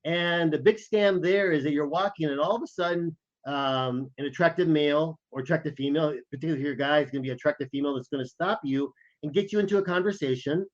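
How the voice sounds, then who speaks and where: Podcast co-host, a man with a slightly high voice, lively anecdotal storyteller, muffled lo-fi sound. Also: fast talker, hardly any pauses. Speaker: podcast co-host, former intelligence officer. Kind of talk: casual chat.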